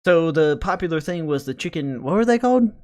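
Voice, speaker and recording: A man's voice: on the high side, lively intonation, a little fast, a little mellow, dry recording. Rambling joking male podcaster, dry sound. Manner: joking, rambling, stammering restarts. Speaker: podcast co-host. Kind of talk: casual chat.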